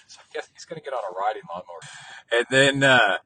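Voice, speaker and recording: A man's voice: medium pitch, animated, quick pace, bright, forceful tone, a little hiss or hum. A man hosting an endurance sports podcast, chatting casually on the go with lots of ums and uhs. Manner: rambling, filler-heavy storytelling. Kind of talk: casual chat on the go.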